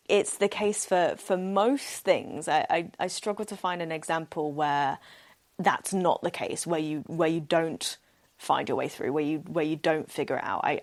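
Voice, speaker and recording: A young woman hosting a solo podcast, telling a story in an upbeat, chatty way with many "like" fillers, laughing often and acting out what people said. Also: on the low side. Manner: laughs often and acts out quoted speech. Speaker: podcast host.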